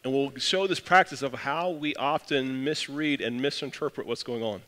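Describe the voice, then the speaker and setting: A man's voice: mid-range voice, normal speed, a bit bright, big-room sound. A man preaching a casual, conversational sermon as pastor, self-deprecating and telling stories with frequent restarts.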